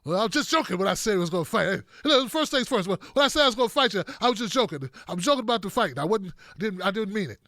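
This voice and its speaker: A man's voice: sits high, lively intonation, fast, few pauses, sharp tone, no room sound, clean studio sound, exaggerated voice. A man doing a comedic impression of a rambling older male politician who blusters and picks fights. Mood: backpedaling. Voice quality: rambling, blustery, tough-guy bravado.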